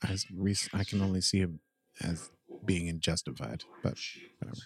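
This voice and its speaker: A man's voice: deep voice, moderate pace, crowd noise. A man co-hosting a casual movie watchalong, making wry, sarcastic asides as the film plays. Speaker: podcast co-host.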